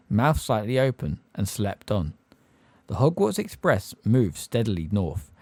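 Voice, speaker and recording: A man narrating a fantasy audiobook with an expressive delivery. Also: mid-range voice, no room sound. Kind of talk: fan audiobook reading.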